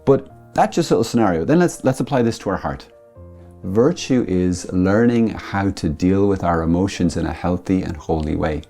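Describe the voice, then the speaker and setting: Soft background music plays behind this priest's low voice as he speaks at a moderate pace. His spiritual talk is conversational, using everyday family examples, and he acts out quoted voices with lively rises.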